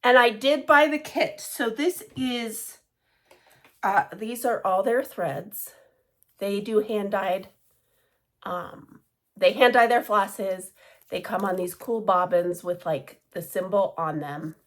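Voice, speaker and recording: A woman's voice: medium pitch, slow pace. A woman casually chatting about her cross-stitch projects, rambling with many fillers and side remarks. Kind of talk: casual show-and-tell chat.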